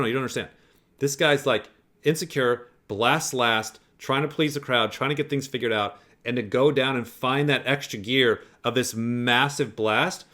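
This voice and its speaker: A man's voice: medium pitch, a bit bright. A man hosting a commentary show, talking through a clip in a rambling, profane way with lots of fillers. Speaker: podcast host analyzing clips. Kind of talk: casual commentary.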